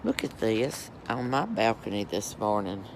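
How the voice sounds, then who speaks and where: A man playing a slow-talking drama queen. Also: on the low side, very animated, vocal fry, noisy background, full character voice. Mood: campy. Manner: dramatic, gossipy storytelling with camp exclamations. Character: flamboyant middle-aged Southern man stuck in lockdown. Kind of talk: comic character monologue. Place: home, indoors.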